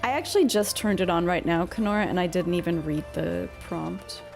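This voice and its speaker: A woman's voice: lowish voice, a little fast, vocal fry, darkish tone, faint music behind. A young woman streamer chatting casually over a game, swearing freely and answering her chat. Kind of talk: casual gaming commentary.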